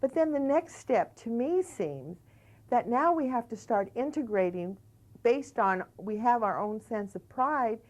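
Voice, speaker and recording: A woman's voice: fairly high pitch, expressive, measured pace, a little mellow. A middle-aged American woman hosting a community TV talk show, chatting emphatically with her guest. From United States. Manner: conversational, emphatic, many "you know"s. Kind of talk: studio talk show conversation. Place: community TV studio.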